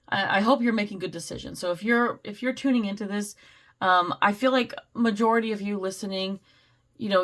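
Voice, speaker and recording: A woman giving a casual, rambling tarot reading, slightly hoarse, clearing her throat and laughing often. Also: medium pitch, a bit bright. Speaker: tarot reader.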